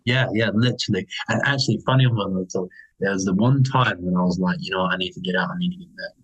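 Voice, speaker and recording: A young man, chatting casually on a podcast as a guest and telling stories with lively acted-out voices. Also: low-pitched, fast, slightly rough, dull audio. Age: young adult. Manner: animated storytelling, acts out other people's lines. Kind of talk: casual chat.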